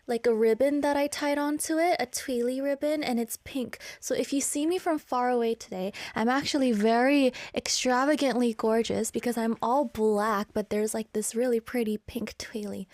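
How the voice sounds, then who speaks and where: A woman's voice: on the high side, a little mellow, dry recording. A woman hosting a radio show in a studio, chatting casually in a bubbly, rambling, playful way. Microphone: studio microphone.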